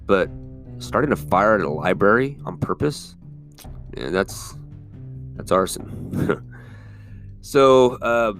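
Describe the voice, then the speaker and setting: Low-voiced man, casual profane podcast ramble. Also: big pitch swings, takes it slowly, long pauses, fairly bright tone, faint music behind. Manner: rambling, profane, conversational, with frequent fillers. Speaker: podcast host. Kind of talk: casual solo podcast monologue. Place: California.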